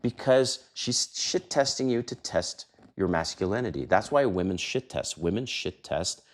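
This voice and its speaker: A brash man in his fifties talks straight to the camera about dating and does not hold back on the swearing. His voice sits low, but his pitch swings widely as he punches words and drops into quick mimicry. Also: expressive. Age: 50s. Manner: brash, emphatic, swears, mimics quoted lines in a higher voice. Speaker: dating advice host. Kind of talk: casual talking-head advice monologue.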